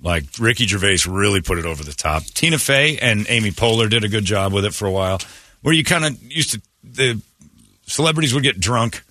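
A man's voice: lowish voice, lively intonation, brisk, pushed and bright, no room sound. A man hosting a morning radio show, rambling through blunt, opinionated stories in casual chat from a studio mic.

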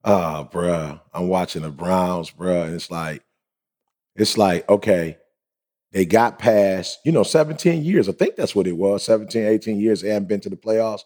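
A laid-back man co-hosting a podcast, chatting in easy slang. His voice sits deep and low. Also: normal speed, a little mellow. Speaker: podcast co-host. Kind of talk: casual chat.

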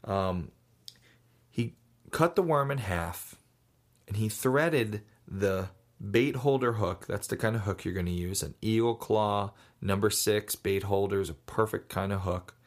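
A man's voice: on the low side, a little slow. A man giving a casual, folksy how-to talk on fishing, mixing in stories. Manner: folksy, storytelling. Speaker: fishing instructor.

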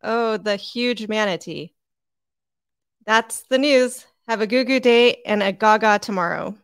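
A woman playing a silly baby who anchors a comedy news segment, reading haltingly. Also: a little high, clear, resonant tone, no echo, clean studio sound.

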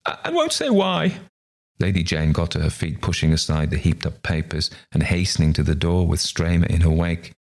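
A man reading a ghost story aloud in a measured, even storybook narration. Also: extremely low pitch. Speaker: story reader.

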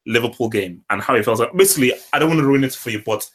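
A man co-hosting a casual football podcast, insistent and quick to repeat himself. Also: medium pitch, fairly bright tone. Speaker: podcast co-host.

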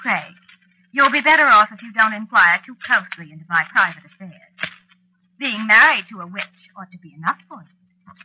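A woman's voice: medium pitch, animated, normal speed, pushed and bright, breathy edge, heavily acted, poor audio. An actress playing a jealous witch wife in a 1940s radio drama, coaxing and playful with a cold edge. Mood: teasing. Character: teasing, jealous witch wife, coy and menacing.

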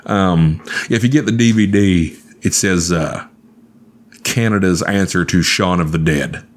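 Deep-voiced man telling stories casually. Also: unhurried. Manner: profane, animated storyteller. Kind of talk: casual storytelling chat.

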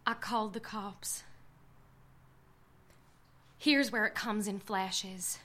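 An actress playing a drunk, frightened young woman who narrates her own ordeal, halting and stammering. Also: mid-range voice, bright, forceful tone. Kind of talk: first-person audio drama narration.

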